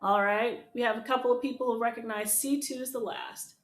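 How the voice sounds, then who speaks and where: A woman's voice: on the high side, fairly even intonation, fairly quick, over music. Upbeat woman voice teacher, echoey. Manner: upbeat, encouraging, talks to chat. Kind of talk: online group voice lesson. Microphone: video call. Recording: echoey room with keyboard.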